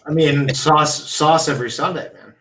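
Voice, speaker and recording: A man's voice: on the high side, fairly even intonation, moderate pace, fairly bright tone, echoey room, low-quality recording. A man who is a guest in a casual chat, laid-back and joking, swearing freely. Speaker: podcast guest.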